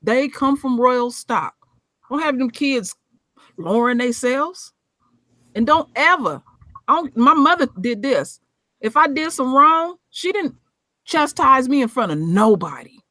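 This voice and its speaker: A woman's voice: sits high, lively intonation, a little slow, pushed and bright, no room sound. A woman hosting a casual chat, talking bluntly and emphatically with plenty of swearing.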